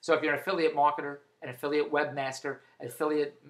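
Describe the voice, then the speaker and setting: A man rattling off a comic rant at top speed, his voice bright and sharp. He jumps from mutters to loud outbursts, and his voice bounces around an echoey room. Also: a little high, fast talker. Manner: excitable, swings to loud exclamations. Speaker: vlogger and TV marketer. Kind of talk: rambling comic monologue.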